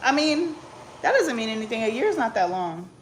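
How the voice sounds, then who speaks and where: A woman's voice: fairly high pitch, big pitch swings, fairly quick, slight background noise. A young woman, chatting casually as a vlogger in a loose, slangy, joking way. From Bay Area, California. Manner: loose, slangy and joking, with bursts of loud scolding. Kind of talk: casual chat.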